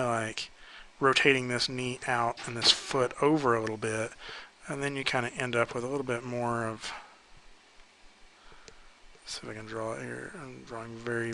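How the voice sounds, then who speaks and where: A man's voice: medium pitch, a little slow, long pauses, noisy background. A man giving casual spoken feedback on pose drawings while sketching, hesitant and full of fillers. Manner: relaxed, hesitant, many ums and likes.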